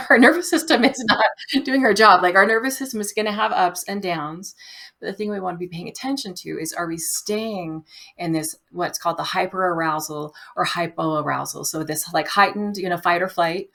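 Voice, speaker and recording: A woman guest on a podcast, talking in a gentle, reflective way and often acting out the voice in someone's head. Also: on the low side, moderate pace, vocal fry. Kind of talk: conversational interview.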